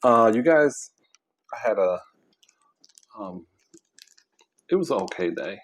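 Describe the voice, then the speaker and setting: A man vlogging casually while he eats, rambling and pausing mid-sentence as he chews. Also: lowish voice, expressive. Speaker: mukbang vlogger. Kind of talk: casual chat while eating.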